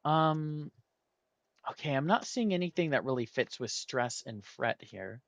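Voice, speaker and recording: Slow, hesitant man thinking aloud. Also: a little high, lively intonation, fairly bright tone, dry recording. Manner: muses aloud, hesitant, weighs options slowly. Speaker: gamer solving a word puzzle. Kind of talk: thinking aloud while playing.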